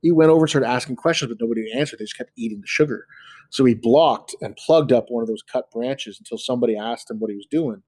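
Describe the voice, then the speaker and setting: Male podcast host in his thirties, casual storyteller with a chatty, joking manner; mid-pitched voice, dry close sound. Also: quick pace, no room sound. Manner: relaxed, chatty, self-deprecating.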